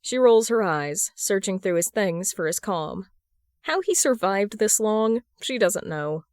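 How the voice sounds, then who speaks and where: A woman narrating a fan fiction story in a steady, even read. Her voice sits mid-range, and the recording is dry and close with no room echo. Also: medium pitch, unhurried. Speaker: podfic reader.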